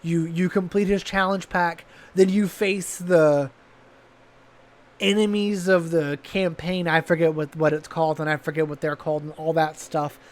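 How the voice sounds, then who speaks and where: A man's voice: a little high, level tone, moderate pace. A man co-hosting a gaming podcast, talking in an enthusiastic and rambling way with frequent restarts. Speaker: podcast co-host. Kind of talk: casual chat.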